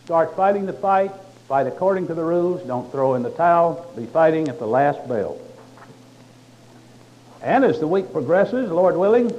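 A man's voice: on the high side, a little mellow. A man preaching a sermon in a folksy, conversational way with touches of humor. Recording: muffled lo-fi recording.

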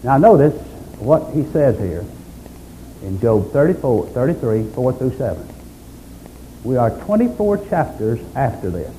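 A man preaching a sermon in a warm, mellow voice whose pitch swings widely. He is emphatic and builds his points through repeated parallel phrases, with faint noise behind him. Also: sing-song, unhurried, pauses often, rough recording.

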